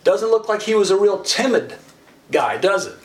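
A man's voice: sits high, expressive, moderate pace. A middle-aged man preaching a sermon in a folksy, humorous way, chuckling often and acting out the characters he quotes. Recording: echoey room from far off with faint noise.

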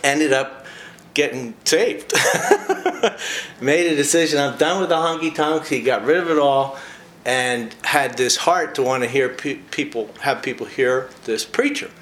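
A man's voice: medium pitch, slow pace, a bit bright. A man in a casual talk, reading a short biography aloud and breaking off for chatty personal asides. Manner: chatty, with frequent personal asides between read passages.

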